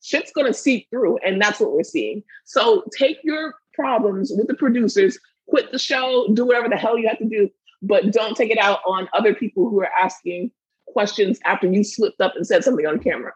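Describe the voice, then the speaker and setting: A woman co-hosting a podcast in casual chat, blunt and animated, swearing freely. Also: mid-range voice, a little fast, slightly rough, no room sound, poor audio. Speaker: podcast co-host.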